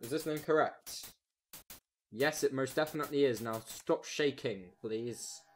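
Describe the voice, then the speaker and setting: A game streamer giving chatty, excitable, self-mocking commentary on a first playthrough. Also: mid-range voice, a little slow, a little hiss or hum. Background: game music.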